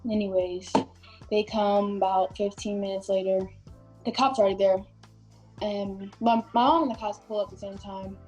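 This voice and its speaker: A woman's voice: medium pitch, steady tone, moderate pace, darkish tone, faint music behind. A young woman, a podcast guest telling a story casually with many fillers.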